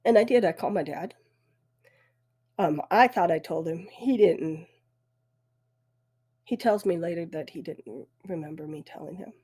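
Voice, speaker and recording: A middle-aged woman hosting a podcast, telling her own story in a halting, emotional way, her voice thick with tears. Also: lowish voice, dark tone, husky. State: weepy. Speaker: podcast host. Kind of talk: personal storytelling.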